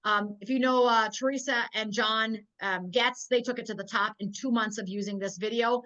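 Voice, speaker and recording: A network marketing trainer teaches her sales team over a video call, telling energetic stories and often checking that listeners are keeping up. Her voice is on the high side at normal speed, with lo-fi sound.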